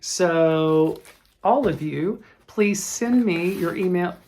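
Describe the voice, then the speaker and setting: A woman's voice: lowish voice, dark tone. A middle-aged woman hosting a cross-stitch vlog, chatty and heartfelt, often restarting her sentences. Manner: chatty, emotional, halting with restarts. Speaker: flosstube host.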